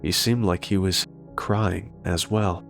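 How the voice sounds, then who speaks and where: A man narrating a horror story in a slow, deliberate scripted delivery. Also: fairly even intonation, fairly bright tone. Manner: slow, deep and gravelly delivery. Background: faint guitar music.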